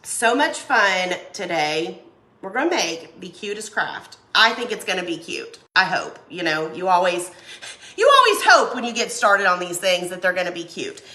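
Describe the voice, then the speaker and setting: A woman, hoarse from a cold, chatting casually while hosting a live craft stream and greeting viewers by name. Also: lowish voice, animated, normal speed, sharp tone. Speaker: craft livestream host.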